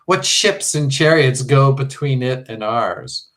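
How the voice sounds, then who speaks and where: A man doing a soft, sweet-voiced enchantress queen, coaxing and half-mocking, in an audiobook. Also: mid-range voice, animated, slow pace. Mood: soothing. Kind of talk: audiobook character reading.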